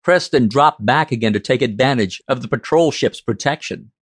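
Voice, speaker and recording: A man narrates a science fiction audiobook in a steady, measured voice. His pitch sits in the middle range. The recording is dry and close, with no room sound. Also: slightly rough, no room sound.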